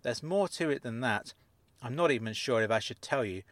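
A man voicing a sharp-tongued middle-aged woman fraudster who speaks in a measured, wry way. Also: mid-range voice, animated, no echo, lightly acted.

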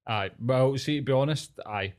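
A man's voice: medium pitch, moderate pace, darkish tone. A young Scottish man co-hosting a podcast, swearing freely and chatting in a laid-back way. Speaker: podcast co-host. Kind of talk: casual chat.

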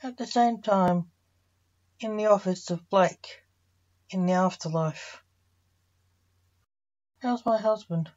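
A woman reading her own story aloud, giving the characters' lines in a plain, unhurried voice. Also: mid-range voice, a little mellow, highs cut off.

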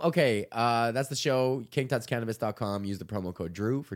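A man's voice: mid-range voice, fairly quick, hardly any pauses. A man hosting his own show, ranting loosely, swearing and laughing as he goes. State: sick. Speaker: podcast host. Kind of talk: casual rant.

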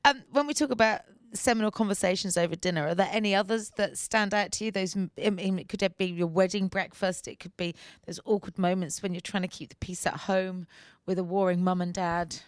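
A woman's voice: medium pitch, fairly even intonation, a little fast, clear, resonant tone, dry recording, clean studio sound. A woman hosting an interview, asking curious questions and prompting her guest. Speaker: interviewer host. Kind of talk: conversational interview.

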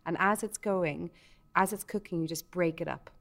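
Woman, low voice, chatty, enthusiastic, talks through a recipe step by step. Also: moderate pace, gravelly. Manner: chatty with many restarts. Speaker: guest. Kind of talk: casual chat.

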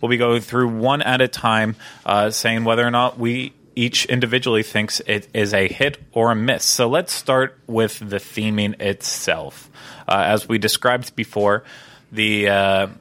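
A young man hosts a relaxed podcast, talking in an enthusiastic, rambling way with lots of ums and restarts. His voice sits a bit low, and the recording is dry and close with no room sound. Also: unhurried, dry recording. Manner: chatty, filler-heavy, enthusiastic. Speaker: podcast host. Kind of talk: casual podcast chat.

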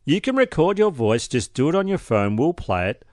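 A playful man trading jokes as a podcast co-host, his pitch swinging widely as he teases. He slips into mock-sincere tones, and the sound is close and dry. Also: sing-song, moderate pace, a little mellow, no room sound. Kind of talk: casual banter.

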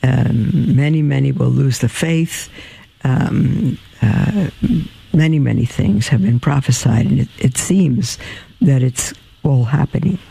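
Tired, gravelly male radio host. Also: medium pitch, dark tone, poor audio. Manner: halting, many ums and restarts, plain-spoken. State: tired and yawning. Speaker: Catholic radio host answering listener mail. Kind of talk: religious call-in radio talk.

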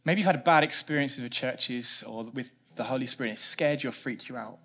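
A man preaching a sermon, swinging between loud emphatic lines and quiet low ones, with a self-mocking touch. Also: a little fast. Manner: animated preaching, rising loud for emphasis then dropping soft. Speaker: pastor.

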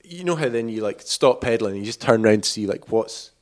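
A man telling a cycling trip story in a casual, animated way, acting out quotes and laughing often. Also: fairly low pitch, fast. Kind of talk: casual storytelling over footage.

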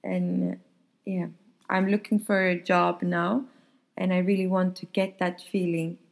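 A woman's voice: lowish voice, little pitch movement, measured pace, vocal fry. A Swedish woman in her thirties, a podcast host musing in a casual, chatty way with lots of fillers. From Sweden.

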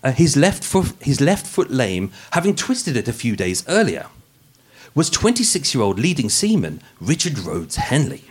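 Husky Brummie man narrating true crime. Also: mid-range voice, wildly swooping pitch, normal speed. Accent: Birmingham. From England. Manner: jokey, self-deprecating, stumbles over words. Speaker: podcast host. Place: room with a live audience.

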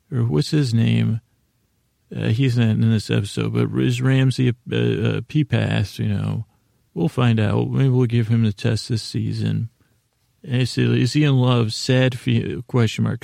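A man's voice: medium pitch, vocal fry, a little mellow, no room sound, studio quality. A man hosting a podcast, recapping an episode in a casual, rambling way from his notes, often breaking off and restarting. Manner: rambling, self-interrupting, reading from notes. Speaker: podcast host.

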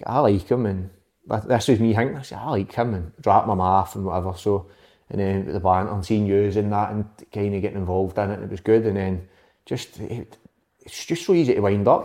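A Scottish man, once a footballer, casually recounts anecdotes from his playing days, rambling a bit and swearing here and there. His voice is on the low side with a dark tone.

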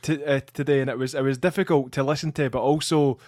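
A man's voice: medium pitch, steady tone, quick pace, darkish tone, no room sound, studio quality. A Scottish man co-hosting a football podcast in casual, sweary chat, often repeating his words. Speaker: podcast co-host.

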